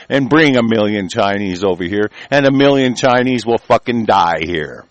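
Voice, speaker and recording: A man's voice: on the low side, animated, normal speed, few pauses, dry recording. A man ranting angrily about politics, swearing constantly and stumbling over his words when he reads aloud. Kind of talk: angry profane rant.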